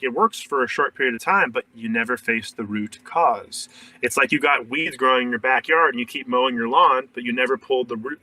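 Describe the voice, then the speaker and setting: A man's voice: medium pitch, pushed and bright, distant mic, rough recording. A man, a shadow work coach, talking earnestly in a casual podcast interview, full of "like" fillers and restarts.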